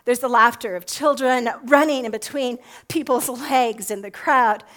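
Woman, pastor, sermon, gentle storytelling voice, high pitch. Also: measured pace. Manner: gentle, storytelling, invites listeners to imagine. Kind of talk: sermon, guided imagination.

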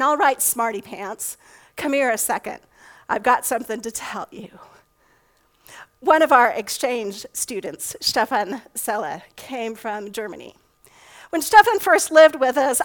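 Brief: middle-aged woman preacher with a high voice and a relaxed, conversational sermon delivery. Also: low-quality recording. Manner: conversational, asks rhetorical questions. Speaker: pastor.

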